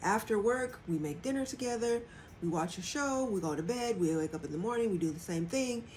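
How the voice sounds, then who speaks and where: A woman with a mid-range, darkish voice and lively intonation talks fairly quickly on her livestream, with a little hiss or hum in the audio. She reflects candidly and casually on her own experience, performing quoted dialogue in altered voices.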